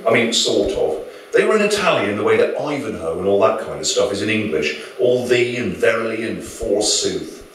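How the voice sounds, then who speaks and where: A man's voice: lowish voice, sing-song, moderate pace, slight background noise. Wry man reading his novel aloud. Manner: dry, wry storytelling. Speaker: author. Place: live reading at a venue. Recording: very echoey room, mic far off.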